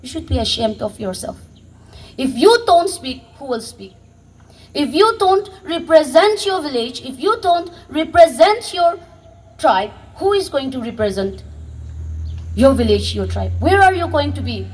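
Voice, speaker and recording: This high-voiced woman from Northeast India vlogs to young viewers in a very animated yet unhurried way, over poor audio. She is earnest and impassioned, urging them on and restarting phrases at times.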